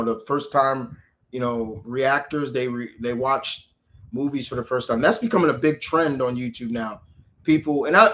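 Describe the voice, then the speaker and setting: A man chatting casually as a channel host, rambling with frequent restarts and animated quoted asides. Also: medium pitch. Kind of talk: casual chat.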